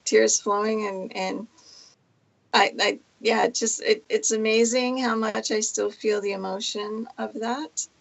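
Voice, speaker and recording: A woman's voice: fairly high pitch, steady tone, measured pace, vocal fry, low-quality recording. A middle-aged woman from New York, a guest on a talk show, chatting in an emotional, rambling way with laughs. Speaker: guest, healing center owner. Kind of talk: casual interview chat.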